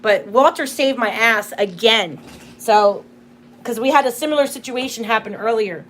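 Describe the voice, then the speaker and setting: A woman's voice: on the high side, moderate pace, a bit bright, slight background noise. A young woman hosting a casual livestream from home, telling stories in a chatty way full of fillers. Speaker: livestream host.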